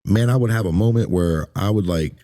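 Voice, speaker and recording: A man hosting an interview, speaking emotionally and haltingly about his past, often repeating words. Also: low-pitched, mellow. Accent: Eastern Shore American. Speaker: podcast host.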